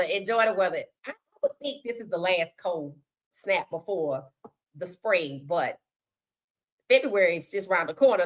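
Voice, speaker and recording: A woman's voice: mid-range voice, a bit bright. A woman hosting a casual sports talk livestream, giving outspoken, colloquial opinions and greeting chat viewers. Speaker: podcast host.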